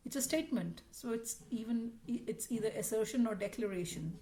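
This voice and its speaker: A woman's voice: mid-range voice, animated, a little fast, a little mellow. A woman teaching a recorded grammar lesson, explaining patiently and reading out example sentences.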